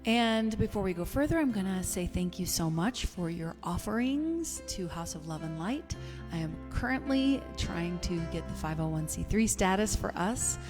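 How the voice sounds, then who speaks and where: A woman minister giving a gentle, meditative sermon, soft and unhurried, sometimes sinking toward a whisper. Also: lowish voice, animated. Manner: soft, slow, gentle, drifting into near whispers. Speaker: spiritual minister. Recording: long hall reverb, faint music.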